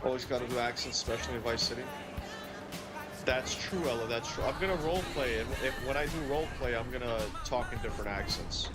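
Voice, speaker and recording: A man's voice: mid-range voice, quick pace. Laid-back joking male game streamer. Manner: laid-back, joking, reads chat aloud. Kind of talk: casual live-stream chat. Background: game music.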